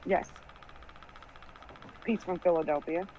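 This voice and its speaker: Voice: medium pitch, steady tone, takes it slowly. A co-host in casual chat on a stream, mostly chiming in with short, dry agreement. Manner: brief agreeing interjections, dry. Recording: dull, slightly muffled with faint noise.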